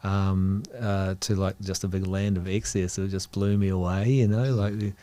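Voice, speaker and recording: A man's voice: low voice, level tone, normal speed, dark tone. A man with a New Zealand accent, a guest telling a rambling travel story in casual chat, laughing between phrases.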